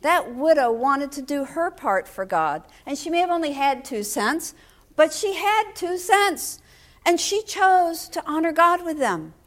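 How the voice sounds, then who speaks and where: Woman playing a gentle male pastor, soft and reassuring, fairly high voice. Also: big pitch swings, a little slow. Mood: tender.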